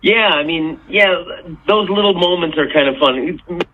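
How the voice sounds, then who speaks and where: A man's voice: high-pitched, normal speed. Man on a tinny phone, telling tales. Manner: playful storyteller, hesitant with fillers. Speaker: touring bass player, guest. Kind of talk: casual phone interview. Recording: tinny phone line, faint hiss.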